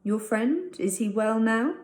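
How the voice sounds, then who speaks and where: A woman reading a storybook aloud, voicing a tired, polite stranded pilot who speaks haltingly. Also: fairly high pitch, animated, a little mellow. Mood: weary. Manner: halting, slow. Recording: roomy echo.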